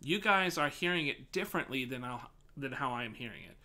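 A man streaming live, thinking aloud and swearing casually as he tests his desk microphone, often projecting near a yell. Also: medium pitch, expressive, a little fast. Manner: projects loudly, near yelling into the mic. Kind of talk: live stream mic test, casual chat.

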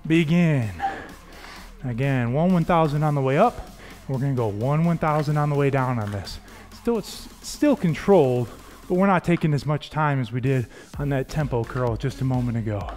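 A man's voice: medium pitch, expressive, normal speed, darkish tone. A man leading a workout as a fitness coach, upbeat and encouraging as he counts reps and cues form. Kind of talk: workout instruction. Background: faint background music.

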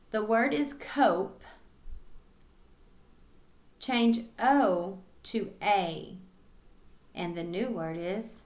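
A woman teaching a kindergarten phonics lesson, drawing words out slowly and enunciating each sound clearly for young children. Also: medium pitch. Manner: slow, drawn-out, clearly enunciated word drills.

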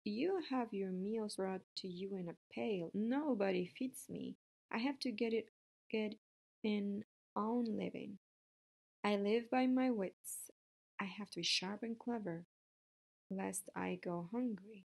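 Charlotte, a woman doing a calm spider. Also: mid-range voice, vocal fry. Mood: firm. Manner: matter-of-fact, measured. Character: female spider, calm, clever and matter-of-fact. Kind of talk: storybook read-aloud.

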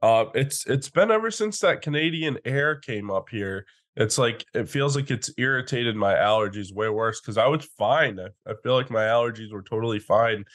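A man's voice: mid-range voice, lively intonation, moderate pace, few pauses, a bit bright. A man co-hosting a podcast, stuffed up with allergies, blunt and grumbling in casual chat. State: congested from allergies. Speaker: podcast co-host.

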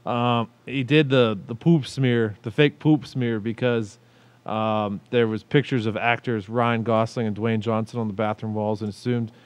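A man's voice: mid-range voice, steady tone, measured pace, no echo. A man co-hosting a casual podcast, telling stories in a rambling way with lots of swearing. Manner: rambling storyteller, heavy swearing. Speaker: podcast co-host. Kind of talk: casual chat.

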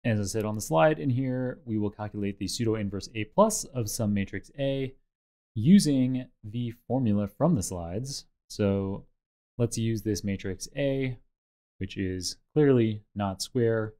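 A man teaching a tutorial, explaining step by step in a measured way over slides and a code demo. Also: fairly low pitch, mellow. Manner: measured, explanatory, with occasional fillers. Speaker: instructor.

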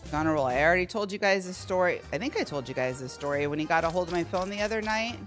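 A woman's voice: on the low side, animated, fast. A woman hosting a casual live slot stream from home, playfully chatting and greeting viewers by name. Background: faint slot game music.

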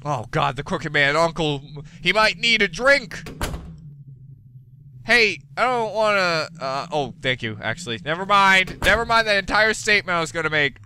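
A man giving gameplay commentary as a let's play gamer, excitable, profane and given to rants. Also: high voice, normal speed, a little hiss or hum.

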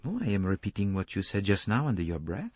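A man reading aloud and voicing a gentle foreign detective who speaks softly with foreign-inflected phrasing. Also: lowish voice, big pitch swings, fast talker, breathy edge, dry recording.

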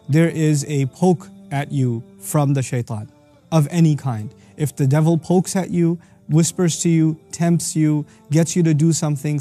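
A Quran teacher, a man with a fairly high pitch, gives an energetic explanatory talk on scripture, reciting verses quickly and then explaining them.

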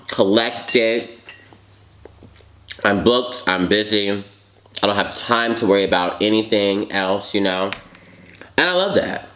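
A man's voice: lowish voice, fairly bright tone. A young man chatting casually while eating on camera, sassy and dramatic, with mouth noises between words. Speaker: vlogger. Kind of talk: casual mukbang chat. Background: eating while talking.

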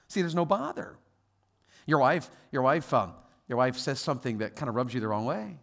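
A man preaching a sermon as a guest pastor, telling stories with quoted voices and moving from quiet asides to loud exhortation. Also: medium pitch, expressive, moderate pace, gravelly.

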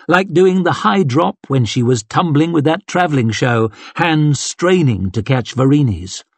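A man narrating a fantasy audiobook in a measured, dramatic storytelling manner. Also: medium pitch, breathy edge, no echo. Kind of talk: scripted narration.

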